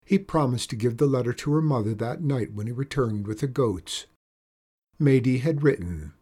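A man with a husky, mid-range voice reads a children's story aloud at a moderate pace, telling it expressively.

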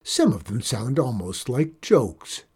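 A man reading a storybook and voicing a stern, snappish old female witch in a lowered, firm voice. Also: sing-song, slow pace, darkish tone, husky, full character voice.

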